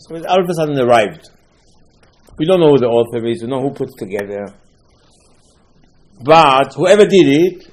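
A man's voice: medium pitch, darkish tone. A man giving a Torah lesson, asking rhetorical questions and mixing Hebrew terms into his English. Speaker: rabbi teaching a Torah class.

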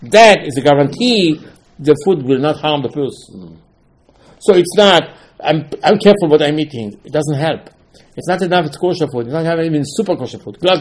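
A man teaching a Torah lecture in halting English, repeating phrases for emphasis. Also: on the high side.

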